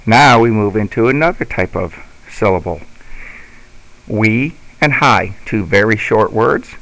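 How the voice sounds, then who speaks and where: A male teacher giving a slow, patient instructional lesson. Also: lowish voice, animated, gravelly, a bit bright, low-quality recording.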